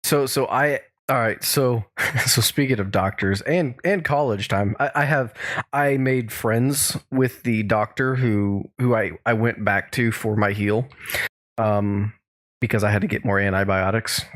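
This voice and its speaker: A man's voice: lowish voice, measured pace, a bit bright. A man co-hosting a podcast, telling a long story in casual chat with many restarts and chuckles. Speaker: podcast co-host.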